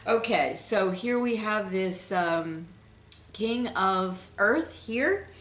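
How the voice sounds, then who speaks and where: A woman giving an unscripted spiritual tarot reading in a gentle, flowing way, pausing with fillers and restarts. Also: medium pitch, lively intonation, echoey room. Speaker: intuitive tarot reader.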